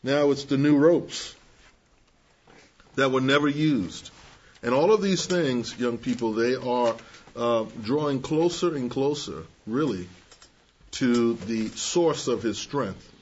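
A man preaching to young people, measured and emphatic, acting out the people he quotes. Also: medium pitch, darkish tone, lo-fi sound, a little hiss or hum. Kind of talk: sermon.

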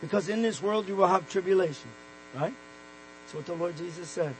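A man preaching a sermon, emphatic, slowing down and dropping soft on key words. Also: high voice, slight background noise, low-quality recording. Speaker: pastor.

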